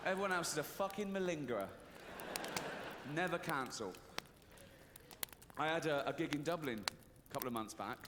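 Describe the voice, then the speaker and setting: A man's voice: fairly high pitch, lively intonation, moderate pace, long pauses. Sardonic man doing stand-up. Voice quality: profane, sardonic delivery. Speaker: stand-up comedian. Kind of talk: stand-up comedy routine. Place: large concert arena stage. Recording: arena recording with long reverb and audience noise.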